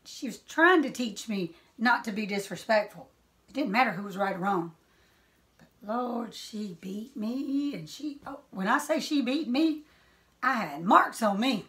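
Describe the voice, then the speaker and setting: A middle-aged woman, hosting and telling family stories in a casual chat, animated and laughing as she acts out voices. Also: fairly high pitch. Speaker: cooking show host.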